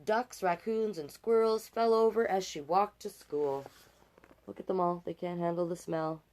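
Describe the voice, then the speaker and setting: A woman's voice: fairly low pitch, normal speed, a little mellow. A woman from Canada reading a picture book aloud as storytime host, with chatty asides and playful sound effects.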